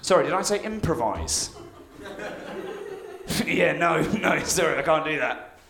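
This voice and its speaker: A man's voice: on the high side, expressive, slow, vocal fry, fairly bright tone. A man performing a playful, self-mocking stand-up comedy set. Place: comedy venue with live audience. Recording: roomy venue with backing music.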